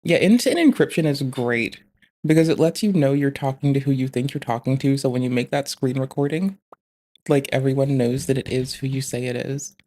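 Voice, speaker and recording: A man's voice: medium pitch, brisk, dark tone. A man streaming, chatting casually while reading messages, rambling, joking and swearing often. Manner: rambling, swears a lot, jokey. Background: faint backing track music.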